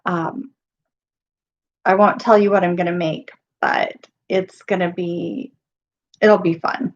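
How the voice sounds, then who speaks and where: A middle-aged woman chatting casually on her live stream, losing her voice and pausing often with ums. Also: fairly low pitch, expressive, creaky, lo-fi sound. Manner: halting, with many pauses and ums.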